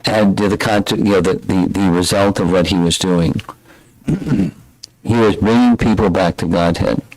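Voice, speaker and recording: Older male spiritual teacher, very low voice, close and dry sound, reflective class delivery. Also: steady tone, darkish tone, no room sound, low-quality recording. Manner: reflective, unhurried storytelling. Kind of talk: scripture class.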